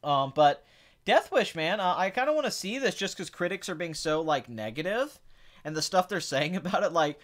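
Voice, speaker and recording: Fielding questions from chat, a male podcast host talks about films in a casual, blunt and sarcastic way, full of opinions and shifting between flat and excited. He has a high voice and speaks a little fast.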